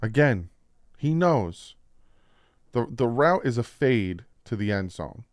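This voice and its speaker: A man with a New Jersey accent casually breaking down football practice clips as a channel host, explaining plays with excitement. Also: medium pitch, takes it slowly. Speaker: sports commentator.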